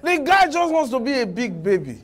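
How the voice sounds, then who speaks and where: A man preaching a sermon in a high, lively voice that leaps up and down. He tells animated stories, laughs at his own points and scolds his congregation. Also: a little fast, a faint crowd.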